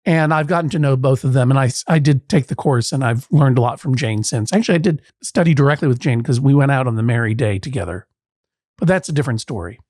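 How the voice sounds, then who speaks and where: A man's voice: mid-range voice, quick pace, darkish tone, no room sound, clean studio sound. A man hosting a comic mock courtroom show, wry and playful with rambling asides. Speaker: podcast judge host.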